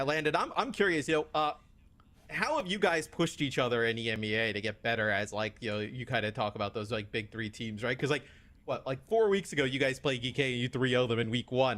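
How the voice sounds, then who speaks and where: A man analyzing esports on a broadcast desk, talking in halting, filler-heavy phrases. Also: medium pitch, a bit bright.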